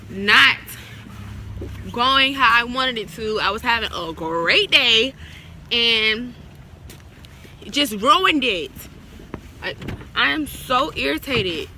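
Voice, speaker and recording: A young woman talking casually to her phone camera in a chatty, slangy, rambling way, partly outdoors by a parked car. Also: fairly high pitch. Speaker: vlogger. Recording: loud street noise outdoors.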